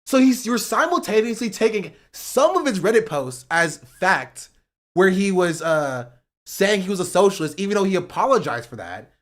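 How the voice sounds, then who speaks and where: A man ranting on a livestream about politics. He swears, says "bro" and repeats himself, swinging between loud outbursts and muttering. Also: sits high, very animated, moderate pace. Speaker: streamer. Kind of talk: heated political rant on a livestream.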